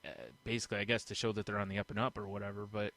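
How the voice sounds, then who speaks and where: A man's voice: fairly low pitch, level tone, rapid-fire, fairly bright tone. A man hosting a podcast in casual banter, chatty and rambling, laughing a lot. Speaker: podcast host.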